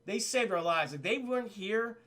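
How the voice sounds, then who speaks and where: A man's voice: high voice, moderate pace, fairly bright tone. A man voicing a kind, earnest guard captain from a cartoon, who speaks politely and apologetically.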